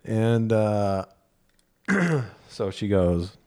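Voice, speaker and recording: A man's voice: on the low side, very animated, very slow, mellow. A man co-hosting a podcast, casually telling a candid, self-deprecating story and acting out the lines of others. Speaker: podcast co-host.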